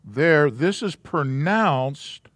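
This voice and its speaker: Slow-talking man teaching a class. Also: fairly high pitch, expressive, fairly bright tone, no room sound. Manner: slow, explanatory, casual. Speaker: Hebrew alphabet teacher. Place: church classroom.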